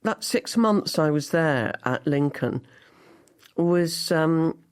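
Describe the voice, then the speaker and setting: Slow and expressive, with a low-sitting voice, this Liverpool-born actress in her seventies shares stories as an interview guest. She voices what she was thinking back then while recounting each anecdote.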